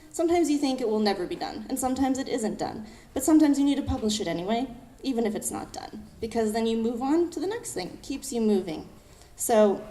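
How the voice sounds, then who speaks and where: A young woman poet giving a lively talk to a live audience, acting out what others said and reading her own poem. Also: a little high. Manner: animated, fast-talking, acts out quoted voices. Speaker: poet and speaker.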